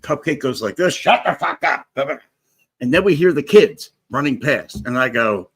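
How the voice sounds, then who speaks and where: A man's voice: medium pitch, normal speed, breathy edge. A man hosting a livestream, teasing his guests with crude, profane banter. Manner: profane, teasing, animated storytelling. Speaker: livestream host.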